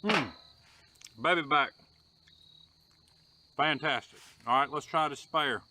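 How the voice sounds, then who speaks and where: A man's voice: on the high side, takes it slowly, pauses often, pushed and bright, a little hiss or hum. A man hosting a casual outdoor cooking vlog, talking in a folksy, drawling way and saying y'all a lot. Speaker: homestead vlogger. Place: outdoors on a rural homestead.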